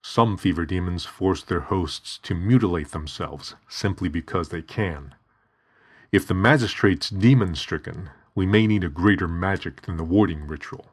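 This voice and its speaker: Calm, stern older male teacher-healer, read by a man; low, measured, husky edge. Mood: instructive. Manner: measured, instructive.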